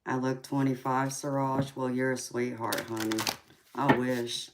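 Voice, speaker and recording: A woman in her forties with a Southern Georgia drawl, reading tarot cards on a live stream. Her voice sits extremely low and she talks slowly and affectionately, calling viewers sweetheart and pausing on drawn-out ums. A faint hiss sits under the recording. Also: completely flat delivery. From California. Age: 40s. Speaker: tarot reader hosting a live chat.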